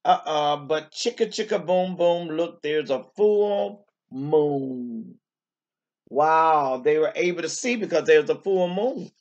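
A woman teacher reads a picture book aloud to young children at a slow, unhurried pace. She stops to exclaim and to ask the little ones questions. The recording sounds dull and muffled. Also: deep voice, lively intonation. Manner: gentle, exclaims often, asks children questions.

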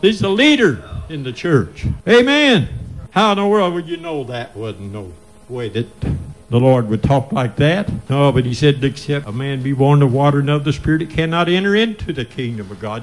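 A man's voice: medium pitch, lively intonation, moderate pace. An older man with a Midwestern American accent preaching a folksy revival sermon in church, breaking into cries of praise. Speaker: pastor. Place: church sanctuary.

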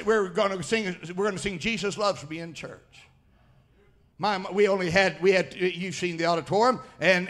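A man preaching a sermon as pastor, fiery, swinging between shouted declarations and low, quiet asides.

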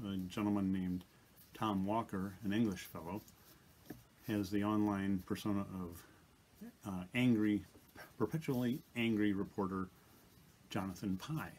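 A man with a fairly low voice talks straight to the camera in a casual home vlog, recorded in a basement back bedroom. He speaks plainly, with dry self-deprecating humor. A faint room hiss sits under his voice. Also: darkish tone. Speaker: vlogger. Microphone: small tabletop mic on a tripod.

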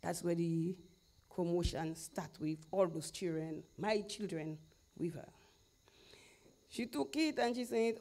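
A middle-aged woman from Dominica with a Dominican Creole English accent, giving an animated personal testimony, acting out quoted voices and laughing often. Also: on the low side, takes it slowly. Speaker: testifying guest.

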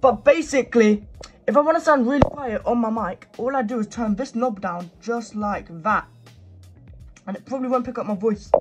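Over music, a teenage gaming YouTuber speaks at normal speed in an extremely high-pitched voice, recorded on a desk microphone. He chats casually, showing off his gaming setup at his desk.

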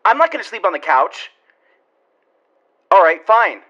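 A man's voice: sits high, sing-song, measured pace, pushed and bright, highs cut off, heavily acted. A man voicing a flustered, exasperated homeowner in a comedic overdub of a silent film. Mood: irritated. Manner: exasperated, whiny, protesting. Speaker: dubber.

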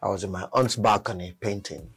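A man, a painter telling a story as a guest, animated and laughing often. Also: fairly low pitch, fairly quick, breathy edge. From Nigeria. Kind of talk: storytelling in a chat.

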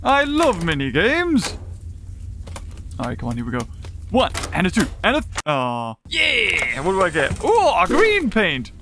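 A man playing a horror game and commenting on it, excitable, often gasping and laughing and reading in-game notes aloud. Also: high-pitched, a little slow, background noise. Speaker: gaming YouTuber. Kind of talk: let's play commentary.

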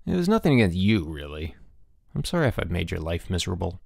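A man's voice: sits low, very animated, quick pace, gravelly, dry recording, studio quality, voice pushed down, heavily acted. Man reading doing a cheeky prankster schoolboy, breezy, talks his way around things. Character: scheming, cheeky teenage schoolboy.

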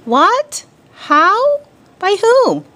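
A woman voicing a brave, stubborn boy who never grows up, crying out excitedly in a read-aloud storybook. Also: very slow, exaggerated voice. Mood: urgent. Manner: excited, high-pitched cries.

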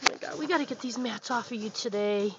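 A woman's voice: fairly high pitch, fast talker. A woman rescuing dogs, talking to them in a cooing, affectionate pet voice. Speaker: dog rescuer. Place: animal shelter and car. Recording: muffled lo-fi camera audio with noise.

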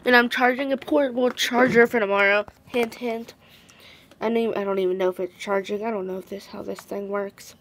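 A woman's voice: mid-range voice, steady tone, brisk, fairly bright tone, a little hiss or hum. A teenage girl chatting casually to her vlog camera, tired, rambling and restarting her sentences with giggles. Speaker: vlogger.

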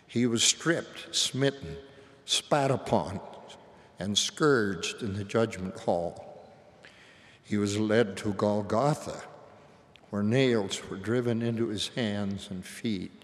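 An older man gives a sermon with slow, solemn reverence and a fairly low voice. His words carry a long reverb from a large hall. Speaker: church leader.

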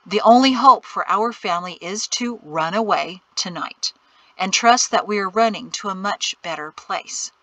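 A woman voicing a stern, worried middle-aged father who keeps his voice low and tense, often close to a whisper. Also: normal speed, a bit bright, no echo, lightly acted. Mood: weary. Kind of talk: audiobook character reading.

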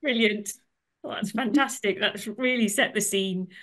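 A woman's voice: medium pitch, measured pace, a bit bright. A woman hosting an interview, encouraging young guests with frequent ums. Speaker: interview host.

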